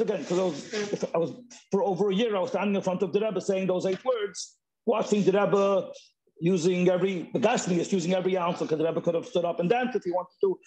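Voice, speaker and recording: A middle-aged man talks loosely on a video call, and his voice sits high but sounds mellow and warm rather than sharp. He stops and restarts often and drops Yiddish and Hebrew words into his talk. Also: low-quality recording. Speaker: Zoom discussion participant. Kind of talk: casual chat.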